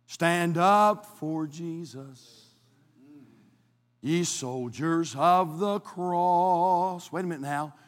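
High-voiced preacher in a reverberant church. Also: male voice. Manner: dramatic, swings from hushed to shouting. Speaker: pastor. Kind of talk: sermon.

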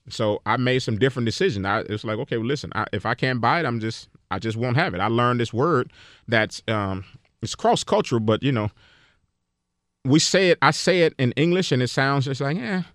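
Podcast host, male, mid-pitched, earnest and preachy, dry close sound. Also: animated, fairly quick, fairly bright tone, dry recording. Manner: earnest, preachy, repeats himself. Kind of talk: casual personal finance talk.

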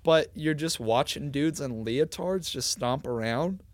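A young man co-hosts a loose comedy podcast, his voice sitting a little high. He curses often and acts out other people's lines as he tells stories. The sound is dry and close to the mic. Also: unhurried, dry recording. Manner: swearing, animated storyteller, acts out quotes. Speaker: podcast co-host. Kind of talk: casual comedic chat.

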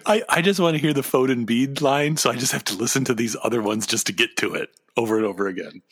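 A man's voice: mid-range voice, fast, fairly bright tone, slightly rough. A man co-hosting a casual comedy chat, joking, riffing and laughing often. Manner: joking, laughs often, riffs on absurd ideas. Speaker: podcast co-host.

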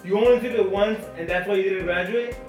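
A man in a casual chat among friends who talks loud and keeps pressing with questions. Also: high-pitched, fast, recorded from a distance. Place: home gathering with friends. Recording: roomy, music behind.

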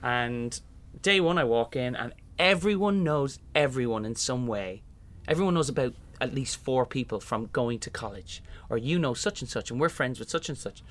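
Animated Irish man telling stories. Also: mid-range voice, moderate pace, few pauses. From Ireland. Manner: animated, acts out voices in anecdotes. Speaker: musical theatre performer. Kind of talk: casual storytelling interview.

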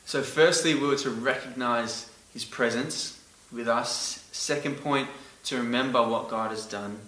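A man's voice: medium pitch, unhurried, pushed and bright. A man preaching a sermon in an earnest way, stressing key words hard. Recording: roomy, echoey from a distance.

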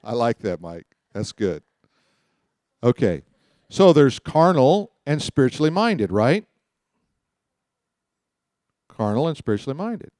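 Joking, animated male Bible teacher. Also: mid-range voice, slow pace, long pauses, no room sound, clean studio sound. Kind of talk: teaching sermon.

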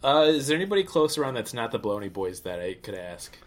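A man playing a tabletop game, playful and quick to laugh. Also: mid-range voice, sing-song. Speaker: player.

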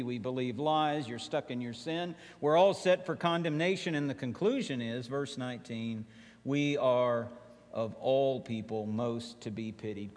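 A male pastor preaching a sermon, emphatic, dropping to quiet slow phrases and rising to urgent appeals. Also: mid-range voice, long reverb tail.

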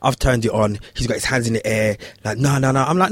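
Man telling an animated story. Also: quick pace, no echo. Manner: animated, acts out voices in high pitch. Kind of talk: casual storytelling chat.

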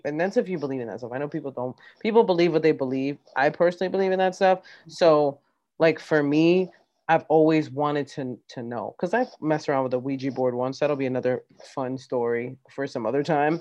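Woman co-host, very low voice, teasing and dry, dull lo-fi sound. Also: brisk, darkish tone. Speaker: podcast co-host. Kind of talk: casual chat.

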